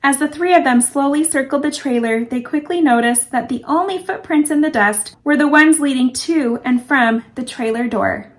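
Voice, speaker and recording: A woman author reading a chapter of her novel aloud in a clear, measured storytelling manner. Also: sits high. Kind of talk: audiobook-style novel reading.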